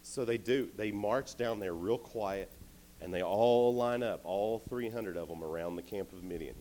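Animated youth speaker. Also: male voice, lowish voice, moderate pace, a little hiss or hum. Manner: animated, casual, many "like"s. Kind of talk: storytelling sermon to teens.

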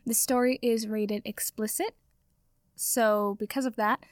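A woman who gives a casual intro and then narrates fan fiction aloud in a steady reading voice. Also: fairly high pitch, a little slow, no room sound, studio quality. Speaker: audio fiction reader.

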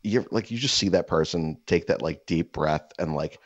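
A man with a very deep, low voice rambles through a casual anecdote at normal speed, peppering it with "like" and "you know." The recording is dry, close, and a bit dull and lo-fi. When quoting people, he slips into put-on voices.

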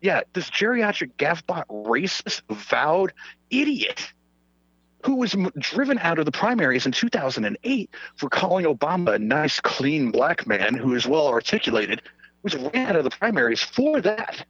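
A man's voice: big pitch swings, moderate pace, fairly bright tone, slightly rough, dry recording, dull audio. A man in casual political chat, ranting and swearing, his voice jumping up when he is incredulous. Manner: rants, swears, pitch jumps when incredulous.

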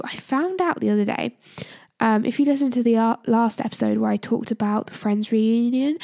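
A woman's voice: on the high side, vocal fry, dark tone, no room sound, clean studio sound. A British woman in her twenties hosting a casual solo podcast, chatty and rambling, her voice nasal and stuffed up from being ill. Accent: British English. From Britain. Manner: chatty and rambling, many "like" and "um" fillers. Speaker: podcast host.

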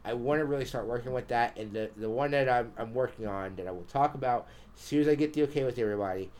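A man's voice: mid-range voice, fast talker, darkish tone. A man hosting a podcast in casual chat, rambling with fillers and restarts. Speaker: podcast host.

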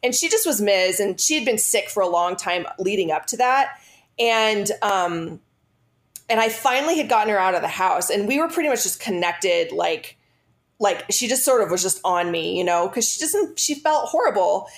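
A woman's voice: mid-range voice, animated, normal speed. A woman in her thirties telling a personal story in casual chat, rambling with many fillers and restarts.

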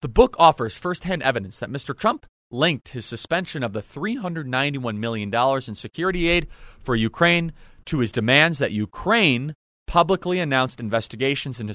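A man's voice: medium pitch, animated, fairly quick, a bit bright, no echo, studio quality. A man hosting a political commentary show, delivering an indignant, sarcastic monologue full of rhetorical questions.

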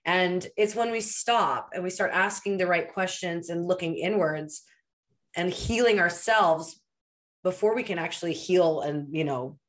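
Low-voiced woman podcast host. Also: a little slow. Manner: warm affirming reactions, reflective. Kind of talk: casual interview talk.

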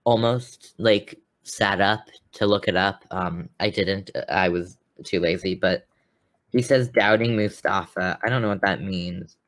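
A man's voice: sits low, a little slow, fairly bright tone. A man co-hosting a podcast, chatting casually and rambling with lots of fillers. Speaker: podcast co-host. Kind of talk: casual chat.

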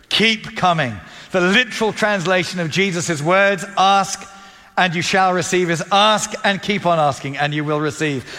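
A man preaches a sermon in a lively storytelling manner, acting out each exchange as he goes. His voice sits high and bright. A long reverb trails behind him, as in a large hall. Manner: animated storytelling, acting out dialogue.

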